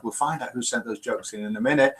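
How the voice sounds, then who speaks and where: A man's voice: mid-range voice, quick pace, a bit bright, breathy edge. A man hosting a casual live online chat show, reading out viewers' messages in a chatty manner. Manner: chatty, reads viewers' comments aloud. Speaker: host of an online chat show for over-50s.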